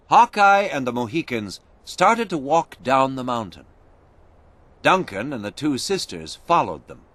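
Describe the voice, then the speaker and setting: A man narrating a storybook in a slow, expressive reading. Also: mid-range voice, dry recording.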